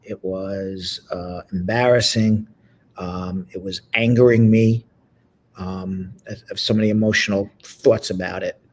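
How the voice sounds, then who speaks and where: A man's voice: low-pitched, steady tone, measured pace, a little mellow. A man hosting a live talk show, chatting casually and laughing easily. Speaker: host.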